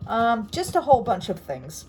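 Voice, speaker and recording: A woman's voice: a little high, very animated, normal speed, a little mellow, slight background noise. A middle-aged woman, blunt and chatty, telling a story and quoting what people said. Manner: chatty, blunt, retells conversations with quoted lines. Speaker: vlogger. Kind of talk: casual storytelling chat.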